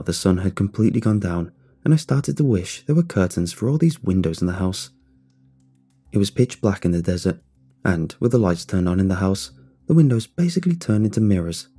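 A man narrating a first-person scary story in a calm, low-key way. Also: husky.

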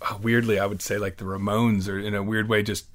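A middle-aged American musician, guesting in a conversational interview, rambles in a self-deprecating way with many restarts. His fairly low voice is flat, a bit bright, and a little fast.

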